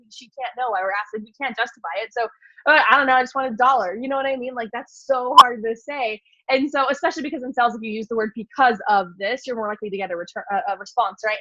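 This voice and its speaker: A fast-talking woman with a high voice tells a story to a group in a loose, animated way, packed with fillers. The sound is dry and a bit dull and lo-fi. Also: no room sound. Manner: animated, filler-heavy, lots of "like". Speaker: speaker at a mindset meeting.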